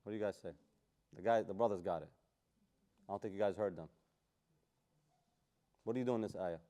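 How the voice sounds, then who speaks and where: A man teaching a Quran class, animated and quizzing his students in casual street phrasing. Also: fairly low pitch, a little fast. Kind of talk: classroom lesson on Quran tafsir.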